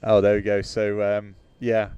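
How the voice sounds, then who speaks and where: A man's voice: on the low side, completely flat delivery, moderate pace, warm tone, smooth, dry recording, muffled recording. A British man hosting a flight sim livestream in casual chat, hesitant with many fillers, reading out viewer comments and laughing easily.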